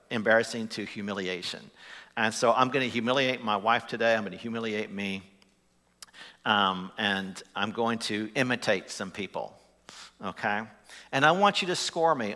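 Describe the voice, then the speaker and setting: A male pastor delivers a sermon and talks to his congregation in a conversational way, often asking them questions. His voice is bright and forceful. A long reverb trails each phrase through the church. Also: medium pitch. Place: church sanctuary.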